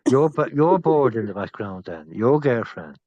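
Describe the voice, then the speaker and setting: A man talking on a phone in a rambling casual chat, swearing a lot and swinging from loud outbursts to whispers. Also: medium pitch, big pitch swings, normal speed, no echo, highs cut off.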